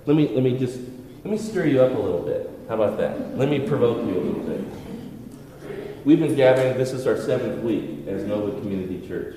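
Pastor preaching in an echoey hall. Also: male voice, mid-range voice, animated, brisk, mellow. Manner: earnest preaching with repeated restarts and rhetorical questions. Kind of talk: sermon. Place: church hall. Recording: echoey hall with long reverb.

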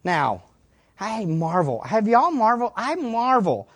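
A woman preaching a sermon, her pitch swinging widely as she drives each point home. She repeats key words for emphasis and throws questions out to the congregation. The sound is close and dry. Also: sing-song, takes it slowly, no echo.

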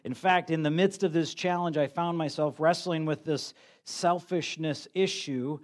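A middle-aged pastor preaching to his congregation in a loose, conversational way. He pokes fun at himself and often restarts his sentences. His voice sits a little higher than most men's. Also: steady tone, unhurried. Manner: conversational, self-deprecating preaching with frequent restarts. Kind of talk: sermon.

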